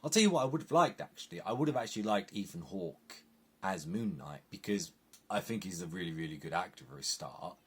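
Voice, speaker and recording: An English man giving an exasperated, animated review to camera, his speech full of "like" fillers. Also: low voice, a little fast, slight background noise. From England. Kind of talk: opinionated review monologue.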